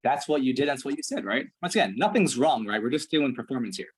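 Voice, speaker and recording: Blunt, husky-voiced male coach. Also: medium pitch, animated, fast. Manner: direct, profane, leans on "right?" checks. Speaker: performance coach. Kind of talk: blunt one-on-one coaching session.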